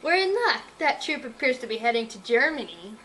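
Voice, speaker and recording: A woman's voice: fairly high pitch, very animated, fairly quick, sharp tone, a little hiss or hum, rough recording. Sadie, a woman doing a sly, cool female dog. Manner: cool, matter-of-fact, slightly teasing.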